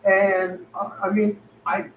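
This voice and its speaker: A man's voice: high voice, monotone, takes it slowly, dull audio. A man co-hosting a casual talk show, swearing heavily and acting out both sides of his stories. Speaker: podcast co-host. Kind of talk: profane casual chat. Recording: echoey room, far from mic, faint hiss.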